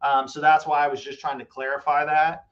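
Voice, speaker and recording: A man hosting a live real estate show, talking a seller through a deal and then coaching viewers in an energetic, explanatory way. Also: a little high, fairly quick, highs cut off. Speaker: real estate investor host. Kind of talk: live stream phone call and coaching.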